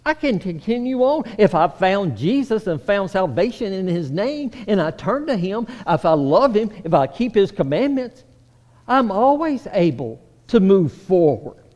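A man preaching a sermon, swinging between raised, emphatic lines and hushed, low passages. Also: big pitch swings, unhurried, highs cut off. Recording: long reverb of a hall.

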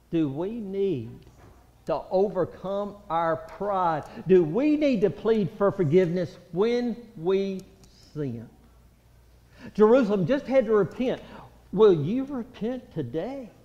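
High-voiced preacher in an echoing hall. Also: male voice. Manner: impassioned, pleading, swings from loud to hushed. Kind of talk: sermon. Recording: reverberant hall, dull lo-fi sound.

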